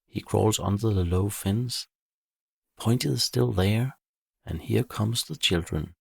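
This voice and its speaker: A man calmly narrating a bedtime story for children in a measured way. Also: lowish voice, gravelly, slightly rough, no echo, studio quality.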